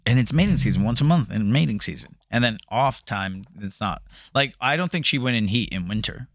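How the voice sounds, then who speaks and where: A man's voice: mid-range voice, lively intonation, a little fast, no echo. Man, mid-range voice, casual co-host, salty and laughing, dry close mic. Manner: loose and profane, often laughing. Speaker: co-host of a real estate market update. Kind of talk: casual podcast chat.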